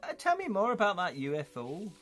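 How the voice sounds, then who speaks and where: A man's voice: high-pitched, huge pitch swings, fairly quick, a bit bright, pitched above the performer's own voice, exaggerated voice. A man voicing a jokey male secret agent in a hammy put-on Scottish accent.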